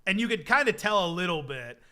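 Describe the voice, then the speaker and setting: A man's voice: high-pitched, big pitch swings, quick pace, sharp tone. A young man chatting casually with his stream chat, rambling with lots of fillers. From United States.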